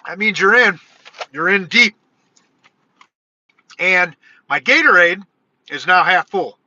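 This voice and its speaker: A man's voice: sits high, animated, slow, sharp tone. A man vlogging, telling a long rambling story in a casual way, quoting himself and swearing now and then. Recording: dull lo-fi sound.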